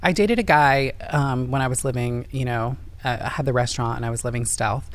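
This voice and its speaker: A woman's voice: extremely low pitch, a little fast. A woman from Indiana, telling her personal story earnestly and emotionally as an interview guest. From Indiana, USA.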